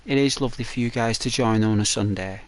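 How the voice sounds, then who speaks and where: Croaky rambling man. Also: mid-range voice, fast. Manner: rambling, full of "like". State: dry, croaky throat. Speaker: game streamer. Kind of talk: casual chat on a stream break.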